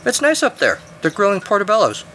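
A man's voice: high-pitched, huge pitch swings, brisk, bright, forceful tone, a little hiss or hum, pitched above the performer's own voice, full character voice. A man squawking as a smug golden eagle. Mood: haughty. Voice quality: squawking, obnoxious. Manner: smug, taunting. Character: haughty mocking male golden eagle.

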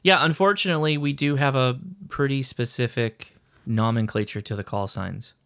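A man with a gravelly, creaky voice co-hosts a podcast in relaxed chat. He delivers dry, deadpan jokes and often restarts his sentences. The recording is close and dry. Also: medium pitch, moderate pace, dry recording. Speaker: podcast co-host. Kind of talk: casual chat.

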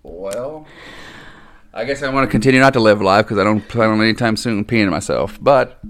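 A man's voice: on the low side, moderate pace, a bit bright. A man who races cars, chatting as a guest in an easygoing, hesitant way. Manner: easygoing, hesitant, many restarts. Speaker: race car driver, podcast guest. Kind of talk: casual chat.

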